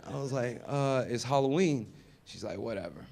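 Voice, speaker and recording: A man performing a stand-up comedy set, chatty and conversational, dropping to mumbled asides and jumping up loud for punchlines. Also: medium pitch, lively intonation, normal speed, vocal fry. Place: comedy venue with live audience.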